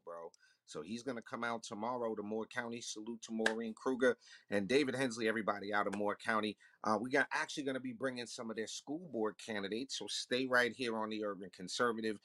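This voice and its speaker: A man co-hosting a casual political podcast, talking loudly and with emphasis while giving shout-outs. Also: on the low side, brisk, no echo, studio quality. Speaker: podcast co-host.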